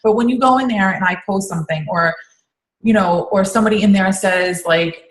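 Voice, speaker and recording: A woman's voice: mid-range voice, normal speed. Woman rambling on a roomy call. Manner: rambling, many fillers and restarts. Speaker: team coach on a group call. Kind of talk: casual team call chat.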